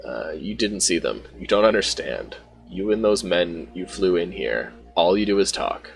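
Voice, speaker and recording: A man's voice: sits low, sing-song, normal speed, gravelly, soft background music, full character voice. A man voicing a frightened young woman in a game, reading her lines in his own plain voice. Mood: distraught. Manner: reads game dialogue aloud without doing a voice.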